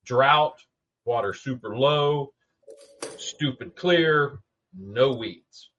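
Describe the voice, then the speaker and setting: A man's voice: mid-range voice, very slow, fairly bright tone, highs cut off. A man hosting an interview, joking loosely and filling his questions with "you know". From the American South. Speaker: podcast host. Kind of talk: casual interview chat.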